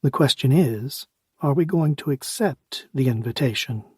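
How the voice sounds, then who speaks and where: A man voicing a male civilian doctor who speaks slowly and wryly. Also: mid-range voice, lively intonation, darkish tone, breathy edge, no echo, studio quality.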